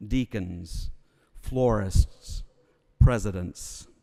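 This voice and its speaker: A man's voice: fairly low pitch, drawn-out words, vocal fry, dark tone. A man from Alabama with a Southern accent, giving a humorous sermon as a preacher in a church. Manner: wry, humorous storytelling. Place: church sanctuary. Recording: long reverb of a church hall.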